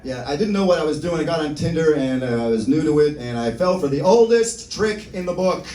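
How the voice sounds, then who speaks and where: A man's voice: on the high side, animated, fairly quick, mellow, far from the mic, a little hiss or hum. A man doing a stand-up set on a comedy club stage, wry and self-mocking. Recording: roomy club sound from afar. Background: audience laughter.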